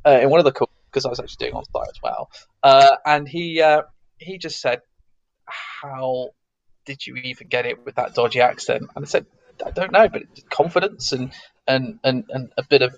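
Casting: English man, neutral accent, gravelly and dry, talks in loose rambling runs. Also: mid-range voice, no echo, dull audio. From south of England. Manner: rambling, many restarts and fillers. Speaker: guest, security consultant. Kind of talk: casual interview chat.

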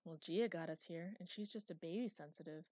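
A woman's voice: on the low side, brisk, a little mellow, dry recording, clean studio sound, natural voice. A woman voicing a practical, reasonable female crewmate in an audiobook. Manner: level, reasonable.

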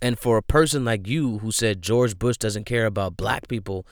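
A man's voice: fairly low pitch, moderate pace, no room sound, clean studio sound. A young man giving a casual, slangy commentary rant, emphatic and repetitive, with frequent "bro" and "my guy". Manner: slangy, emphatic, repeats himself, leans on "bro".

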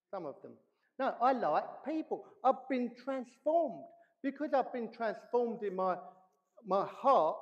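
A man preaching a sermon as pastor, animated, acting out the voices he quotes. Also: extremely high pitch. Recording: reverberant hall, dull lo-fi sound.

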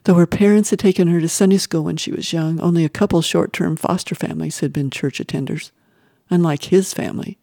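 A woman reading a novel aloud in measured, expressive audiobook narration, sometimes dropping to a whisper. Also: lowish voice, creaky, dry recording, clean studio sound. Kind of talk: scripted narration.

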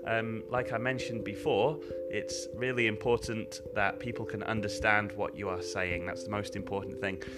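A man from the north of England with a northern English accent, an English teacher answering podcast questions in a measured, explanatory way with frequent ums. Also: fairly low pitch, fairly even intonation, loud music behind the voice.

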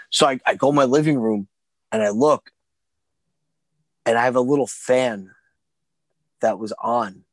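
A man in his forties co-hosting a podcast, telling stories in a profane, animated way during a casual chat about a movie. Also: mid-range voice, normal speed, pauses often, dry recording. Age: 40s. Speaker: podcast co-host.

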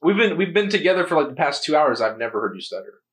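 Joking young man with an animated voice. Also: fairly high pitch, quick pace. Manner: joking, teasing banter. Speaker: podcast co-host. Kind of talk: casual chat.

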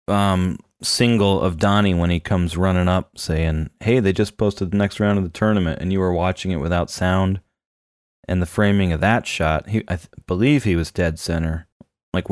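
A man co-hosting a casual chat about a film, animated and laughing often. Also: low voice, smooth, no room sound, studio quality. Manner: animated, laughs often, acts out quoted lines. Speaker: film podcast co-host.

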